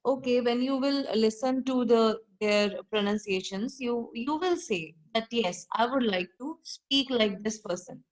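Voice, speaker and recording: A woman's voice: a little high, poor audio. A woman with an Indian English accent, teaching a literature lesson. She reads passages aloud, then restates them in her own words and asks rhetorical questions. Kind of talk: explanatory lecture.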